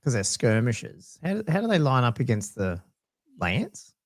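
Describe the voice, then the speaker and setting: A man's voice: medium pitch, normal speed, dry recording, clean studio sound. A man co-hosting a podcast, cutting in with questions and jokes. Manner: joking, lively interjections. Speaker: podcast co-host. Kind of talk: casual chat.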